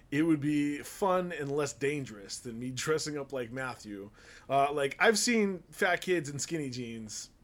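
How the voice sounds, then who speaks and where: A man co-hosting a casual podcast, talking in a rambling, self-deprecating way. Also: medium pitch. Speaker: podcast co-host.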